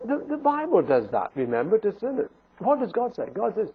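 Husky-voiced preacher on a tinny line. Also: male voice, high-pitched, wildly swooping pitch, brisk. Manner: earnest, pleading rhetorical questions, restarts. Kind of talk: sermon. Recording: phone-like narrow band.

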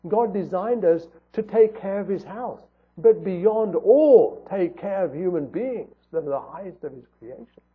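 A man's voice: sits high, animated, a little slow, slightly rough. A man preaching a sermon in an earnest tone, asking rhetorical questions. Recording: tinny phone-like audio.

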